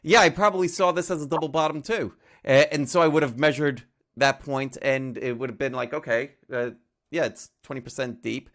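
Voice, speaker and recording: A man's voice: mid-range voice, steady tone, brisk, a bit bright. A male trading educator explaining chart setups on a casual livestream, talking through examples with homely analogies and frequent fillers.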